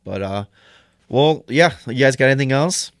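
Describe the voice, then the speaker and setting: A man's voice: medium pitch, lively intonation, normal speed, no room sound, clean studio sound. A young man hosting a podcast, laughing and swearing in casual banter. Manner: laughing, loose, swears often. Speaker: podcast host.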